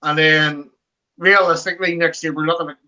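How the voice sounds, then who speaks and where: A man's voice: on the high side, steady tone, fairly quick, pushed and bright, rough recording. A man with a Northern Irish accent in a casual football fan chat, chatty and often jumping in with short agreements. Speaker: fan panellist.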